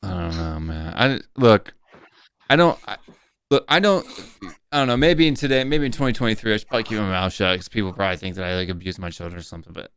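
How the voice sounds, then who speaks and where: A man's voice: on the low side, expressive, quick pace, a bit bright, slight background noise. A middle-aged man hosting a live fan stream, talking bluntly and ranting, with lots of filler words. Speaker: host. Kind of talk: live post-match fan stream chat.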